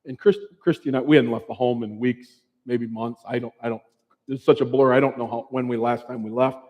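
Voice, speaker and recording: A man's voice: mid-range voice, fairly even intonation, fairly quick, muffled recording. A man in his fifties, a bereaved father, telling his story in an earnest, conversational way as a personal testimony speech. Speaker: bereaved father giving a talk. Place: large presentation hall. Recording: long hall reverb.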